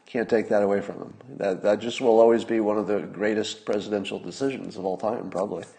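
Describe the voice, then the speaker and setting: A man's voice: fairly low pitch, fairly even intonation, fast talker, vocal fry, mellow. A man hosting a solo podcast, talking casually in a wry manner, with asides and restarts. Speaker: podcast host.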